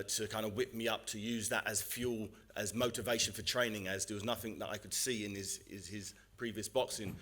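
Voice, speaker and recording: A boxer at a press conference who answers questions in a measured, determined and earnest way. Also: male voice, lowish voice, a bit bright.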